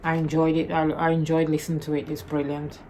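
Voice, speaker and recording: Low-pitched woman vlogger reviewing books off the cuff, meandering and backtracking. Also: completely flat delivery, fast talker, dark tone, slight background noise. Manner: rambling, self-correcting, retells the plot loosely. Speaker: book reviewer. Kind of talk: casual book review chat.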